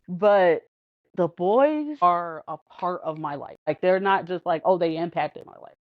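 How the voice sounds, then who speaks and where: A woman chats on a podcast in an animated, storytelling way, slipping into the voices of the people she quotes and laughing between lines. The recording is dull and lo-fi, close and dry with no room sound. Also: fairly low pitch, slow pace, dry recording. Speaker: podcast guest. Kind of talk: casual storytelling chat.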